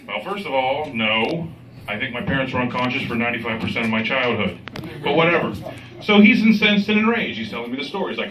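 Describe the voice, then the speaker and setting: A man doing stand-up comedy, telling a story in a deadpan way and acting out the other man's lines in an agitated voice. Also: mid-range voice, fast, highs cut off. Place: comedy club stage. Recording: echoey club recorded from a distance.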